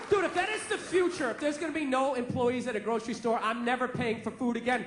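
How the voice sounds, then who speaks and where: A man doing a loud, profane stand-up comedy set on a club stage, ranting and acting out store clerks in quick asides. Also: very high-pitched. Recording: echoey live club recording with loud crowd noise.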